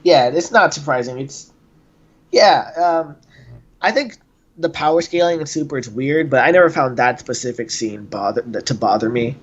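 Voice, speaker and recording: A man's voice: medium pitch, lively intonation, normal speed, slightly rough. Laid-back man with a dull sound. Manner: agreeable, laughs often, hesitant fillers. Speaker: guest. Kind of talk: casual discussion.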